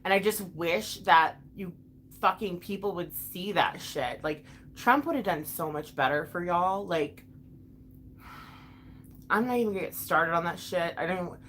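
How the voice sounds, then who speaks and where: A woman's voice: lowish voice, normal speed, fairly bright tone, slight background noise. A woman ranting on a casual livestream vlog, heated and profane, with many fillers and restarts, talking straight back to her viewers. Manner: talks back to viewers directly. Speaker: livestream vlogger reading chat.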